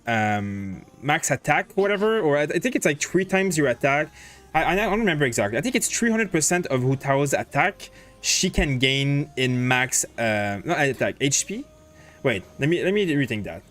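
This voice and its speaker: A man hosts a relaxed gaming livestream, his voice slightly high and fairly bright, with wide swings in pitch at a normal speed. He thinks out loud while playing and fields chat questions, filling gaps with lots of fillers, as soft music plays behind him.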